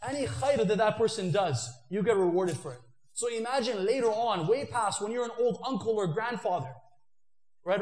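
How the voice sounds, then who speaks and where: A young man giving an animated talk to an audience, acting out imagined conversations. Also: sits high, roomy sound. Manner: animated, acts out imagined dialogue. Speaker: Islamic speaker.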